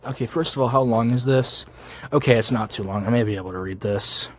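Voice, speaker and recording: A man reading fan fiction aloud for laughs, with sarcastic, deadpan asides, recorded close to a microphone at home. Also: mid-range voice, brisk, slight background noise. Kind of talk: comedic reading with reaction commentary.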